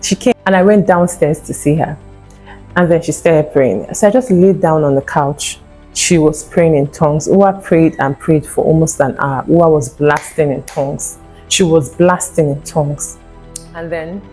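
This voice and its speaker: Sharing her fertility story as a vlogger, a woman in her thirties speaks with earnest emotion and acts out the things people said. She has a deep, mellow voice, and the recording is rough.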